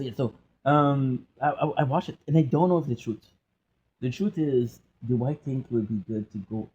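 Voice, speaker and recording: In a rambling casual monologue, a gaming and movie vlogger jokes around, interrupts himself and breaks into sung snippets of song lyrics. His medium-pitched voice has a breathy edge, and the sound is dark and lo-fi.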